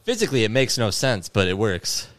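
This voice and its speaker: A man's voice: on the low side, very animated, fairly quick, fairly bright tone. A man co-hosting a podcast, laid-back and profane, chatting while watching a movie. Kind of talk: casual movie commentary chat.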